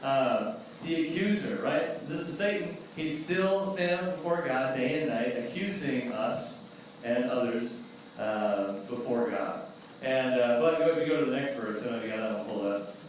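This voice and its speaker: A man speaking casually in a church before worship, making quick asides and reading scripture aloud. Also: medium pitch. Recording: very echoey room, far from mic, faint noise.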